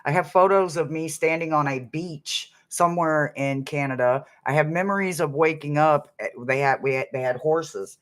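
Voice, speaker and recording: A man's voice: on the high side, moderate pace, few pauses, fairly bright tone. A man chatting casually to viewers on a livestream, rambling between stories and humming snippets of songs. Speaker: livestream host.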